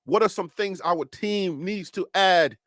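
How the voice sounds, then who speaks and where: A man with a Liberian accent hosts a casual sports talk stream with a fairly high voice. He talks straight to his viewers, animated and quick to laugh. The sound is close and dry. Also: no echo. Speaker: host.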